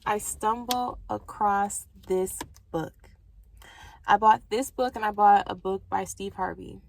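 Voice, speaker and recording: A woman's voice: medium pitch, steady tone, slow pace, gravelly, a little mellow, slight background noise, rough recording. A young woman, telling her personal faith story in casual, emphatic talk and calling her viewers y'all. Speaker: vlogger and book recommender. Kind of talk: casual faith testimony to camera.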